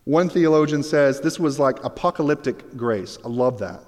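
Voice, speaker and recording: A man preaching a sermon as pastor, telling the scene with lively, acted-out storytelling. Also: mid-range voice, moderate pace. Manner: animated storytelling, acts out Bible scenes. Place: church sanctuary. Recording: long reverb of a hall.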